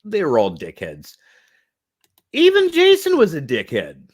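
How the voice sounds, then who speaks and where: A man's voice: fairly high pitch, wildly swooping pitch, measured pace. A man co-hosting a casual movie review chat, swearing freely and laughing as he retells scenes. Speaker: podcast co-host.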